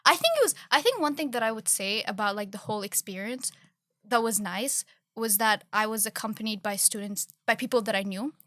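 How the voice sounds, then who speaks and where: Bright, crisp young woman in casual chat. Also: fairly high pitch, expressive, no echo, clean studio sound. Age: early 20s. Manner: chatty, quick to agree and laugh along.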